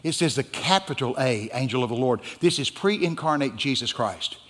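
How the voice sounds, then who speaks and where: A man preaching a guest sermon in a church, dramatic and emphatic, building to loud peaks. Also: medium pitch, lively intonation, normal speed. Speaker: guest pastor. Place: church sanctuary. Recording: church hall with long reverb.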